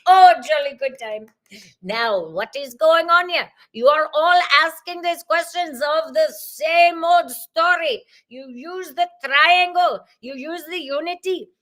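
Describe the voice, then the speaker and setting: A woman's voice: high voice, a bit bright, voice pushed up. A woman channeling a jolly exuberant spirit. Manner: exclaiming, gasping, uplifting pronouncements.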